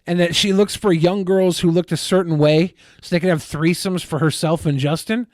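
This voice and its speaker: Guy cohosting a podcast, kinda high voice, sarcastic and crude, dead dry mic. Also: steady tone, normal speed, dry recording. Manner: sarcastic, crude, reads aloud with mock emphasis. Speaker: podcast co-host. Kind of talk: casual chat, reading messages aloud.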